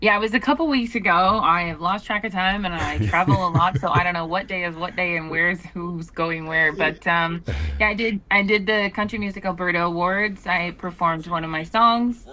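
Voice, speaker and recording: A woman from Canada, a musician guest, speaking softly and reflectively with hesitant fillers, calling in to an interview. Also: lowish voice, normal speed. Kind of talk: interview over a call.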